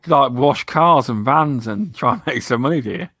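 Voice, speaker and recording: A man's voice: medium pitch, normal speed, no room sound. Chatty man on a gaming podcast. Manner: chatty, animated storyteller. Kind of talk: casual gaming podcast chat.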